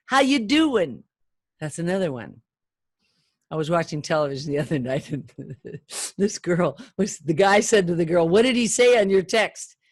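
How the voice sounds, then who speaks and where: A woman's voice: on the low side, no echo, studio quality. Chatty older woman coaching phone manners. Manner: chatty, animated, acts out callers' lines. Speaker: phone sales trainer. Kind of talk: training talk to camera.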